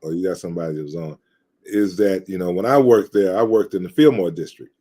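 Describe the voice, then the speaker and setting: A husky man with a low voice, from North Carolina, reminisces in loose, rambling conversation as a guest on a live stream. He talks with plenty of fillers and restarts, unhurried and fond. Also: warm tone. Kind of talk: casual conversation. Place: live stream video call.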